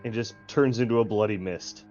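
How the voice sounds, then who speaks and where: A man joins a tabletop game session with quick joking wisecracks. His voice sits in a mid range, recorded dull and lo-fi over faint music. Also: lowish voice, darkish tone. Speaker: player. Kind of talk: casual tabletop game play.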